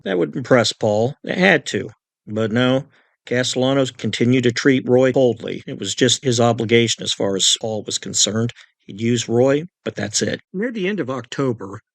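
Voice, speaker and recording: A man's voice: mid-range voice, no echo. Man, true crime narration, conversational, asides, mid voice, dry. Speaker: narrator and author.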